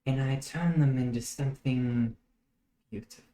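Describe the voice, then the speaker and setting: A man voicing a soft-spoken, sinister male fey warden in a measured, ominous way. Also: mid-range voice, natural voice. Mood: hushed ominous. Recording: echoey room.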